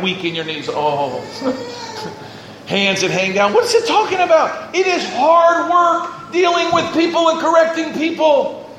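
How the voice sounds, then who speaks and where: A man's voice: extremely high pitch, a bit bright, reverberant, slight background noise. A male pastor preaching a sermon, reading scripture and acting out what people might say.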